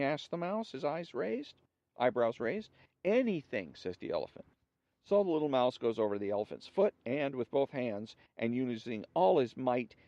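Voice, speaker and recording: A man hosting a show, reading jokes aloud in a relaxed storytelling way and acting out the characters' lines. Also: medium pitch, no room sound, muffled recording. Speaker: host.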